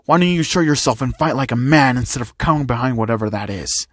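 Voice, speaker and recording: A man's voice: medium pitch, animated, fast, dry recording, natural voice. A man voicing a hot-tempered, swearing young male hero. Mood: aggressive. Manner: aggressive, swearing.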